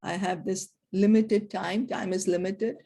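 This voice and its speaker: A woman teaching a scripture class, explaining verses and telling stories with gentle emphasis. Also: medium pitch, steady tone, a little slow, creaky.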